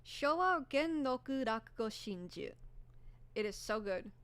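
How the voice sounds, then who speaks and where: A young woman streamer in casual live-stream chat, rambling and gushing with lots of fillers, her voice a bit hoarse. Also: a little high, animated, a little slow, fairly bright tone.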